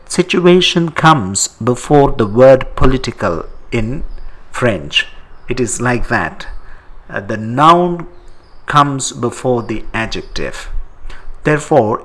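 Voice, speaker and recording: A man giving a slow step-by-step language lesson, repeating each example word twice. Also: medium pitch, fairly bright tone. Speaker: language teacher.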